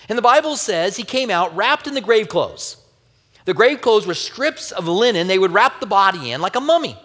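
A man's voice: high voice, sing-song, normal speed, fairly bright tone. A man preaching a sermon as a pastor, telling a Bible story earnestly with wry asides and a tender, grieving personal tone. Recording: long hall reverb.

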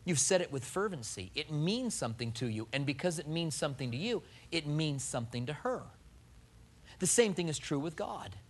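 A man preaching a sermon as a pastor, asking the congregation rhetorical questions and acting out what people say. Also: high voice. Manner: animated preaching, rhetorical questions and acted-out quotes.

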